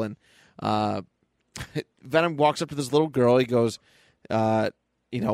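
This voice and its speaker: A man co-hosting a podcast retells a comic issue in loose, casual chat. He slips into quick character voices as he goes, at a middle pitch. The sound is close and dry, with no room around it. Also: animated, vocal fry, dry recording. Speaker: podcast co-host.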